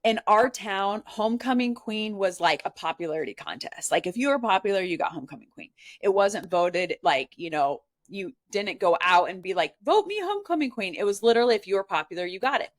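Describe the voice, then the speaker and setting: An earnest woman from Nebraska, telling a personal story as a podcast guest. Her pitch sits in a middle range and she talks openly, with lots of "like" fillers. The recording is close and dry, with no room echo. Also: lively intonation, fairly quick, hardly any pauses. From Nebraska, USA. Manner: earnest, candid, heavy use of "like" as filler.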